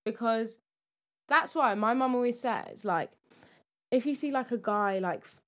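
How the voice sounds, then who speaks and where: A woman's voice: on the high side, a little slow. A woman co-hosting a casual chat, telling stories with lots of "like" fillers. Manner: storytelling with many "like" fillers. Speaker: podcast co-host.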